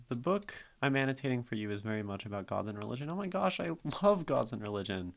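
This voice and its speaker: A man's voice: medium pitch, lively intonation, fast talker, vocal fry, few pauses. A young man streaming live, casually talking through a poem and reacting to chat, thinking aloud at a desk mic. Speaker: streamer critiquing poetry.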